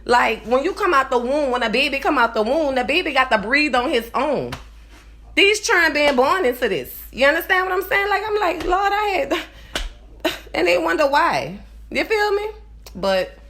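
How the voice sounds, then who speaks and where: A vlogger in her forties from New Orleans, USA rambles to her viewers in a casual monologue with a nasal local accent, often asking "you understand?". Her high-pitched voice is very animated at normal speed and swings between loud and quiet.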